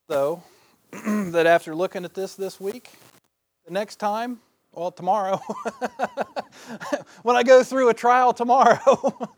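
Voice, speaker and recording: Man, pastor, folksy self-mocking sermon delivery, slightly high voice, dry close sound. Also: no echo. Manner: folksy, self-deprecating, laughs often; swings between loud bursts and quiet asides.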